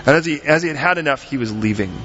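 Animated middle-aged male preacher. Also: medium pitch, rapid-fire, lo-fi sound, slight background noise. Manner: animated storytelling, acts out voices. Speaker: pastor. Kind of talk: sermon.

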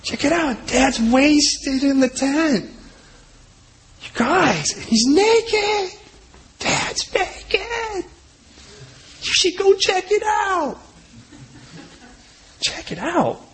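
A man voicing a brash young man who gleefully eggs his brothers on, in a higher, louder voice than his own. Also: sing-song, drawn-out words, full character voice. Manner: gleeful, goading.

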